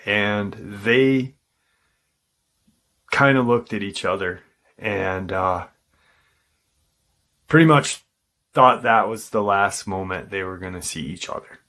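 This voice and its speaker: A paranormal channel host with a fairly low, slightly bright voice retells what a witness encountered. He keeps it casual but halting, often saying um and starting over.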